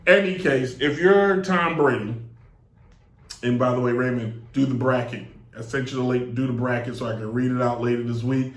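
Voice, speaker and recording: A man hosting a live sports talk show, rambling and joking in a loose, animated way. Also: mid-range voice, normal speed. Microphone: desk mic on a stand. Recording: echoey room.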